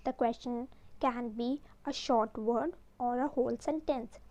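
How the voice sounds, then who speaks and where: A woman's voice: on the high side, steady tone, measured pace, darkish tone, muffled recording, a little hiss or hum. A woman teaching an exam-prep lesson from slides, explaining step by step. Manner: explains step by step, repeats "then we have".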